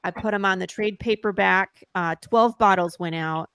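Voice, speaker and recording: A woman's voice: mid-range voice, normal speed, clean tone, no echo. A woman guest on a casual interview show chats eagerly about her own comics. She tells stories with plenty of laughter and acts out what others said. The sound is close and dry, with no room around it. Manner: lively storyteller who laughs often and acts out quotes.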